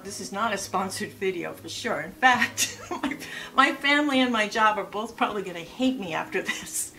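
A woman in her sixties, working as a lifestyle vlogger, offers casual lifestyle advice in a chatty vlog packed with asides and rhetorical questions. Her voice is medium in pitch with a fairly bright tone.

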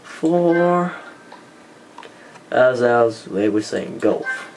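A man's voice: fairly low pitch, normal speed. A young man chatting casually in a home vlog while playing a computer game, rambling and muttering curses at the game. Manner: rambling, swears at the game, mutters under his breath. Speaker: vlogger. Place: indoors at a computer. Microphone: camera mic, held by hand. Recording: noisy home camera recording.

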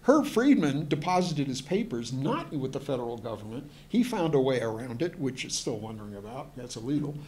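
A man's voice: mid-range voice, very animated, brisk, hardly any pauses, a little mellow. A man, a museum historian, giving a lecture to an audience, hesitant with many fillers and restarts, and chatty with joking asides.

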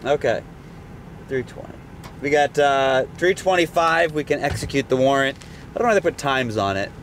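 A man's voice: mid-range voice, normal speed, fairly bright tone, slight background noise. Laid-back joking man in a car. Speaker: bounty hunter host. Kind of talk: casual vlog narration. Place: inside a car.

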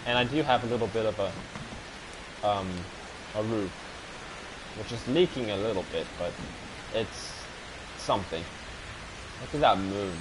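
A man's voice: fairly low pitch, measured pace, pauses often, noisy background. A young man commenting on a horror game, panicky, swearing and repeating himself. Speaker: gaming video host.

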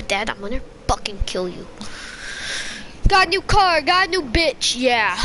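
A man's voice: very high voice, pushed and bright, slight background noise, exaggerated voice. A man voicing a hyper, foul-mouthed young boy who taunts other players in an online game with crude, giggly trash talk. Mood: manic. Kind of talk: comedic voice trolling in an online game.

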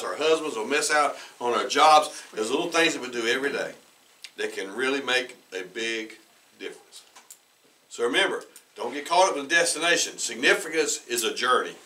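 A pastor preaching in a church, telling a story in a loose conversational way with frequent restarts and throat-clearing. His voice is bright and carries forward. It is heard from a distance, away from the mic. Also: medium pitch, a little fast. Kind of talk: sermon with personal storytelling. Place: church sanctuary.

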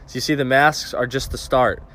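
Man, preachy monologue, insistent, earnest, mid-pitched voice. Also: fairly even intonation, normal speed, a bit bright, a little hiss or hum.

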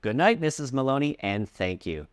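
A man's voice: mid-range voice, big pitch swings, normal speed, no echo, studio quality, pitched above the performer's own voice, natural voice. A man voicing a friendly, helpful male shopkeeper.

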